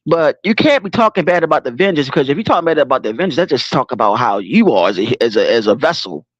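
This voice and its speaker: A man's voice: mid-range voice, quick pace, no room sound, muffled recording. A man hosting a casual livestream, talking in slangy, rambling bursts, swearing freely and breaking off to laugh and regroup. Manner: animated, laughing, keeps stopping himself to regroup. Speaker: livestream host.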